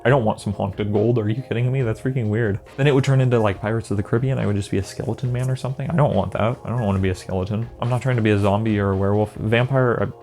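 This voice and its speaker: Sarcastic man ranting, low mellow voice. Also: steady tone, racing, few pauses, soft background music. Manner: sarcastic, exasperated, exaggerated asides. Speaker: video creator. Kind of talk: comedic rant monologue. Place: indoor green-screen setup.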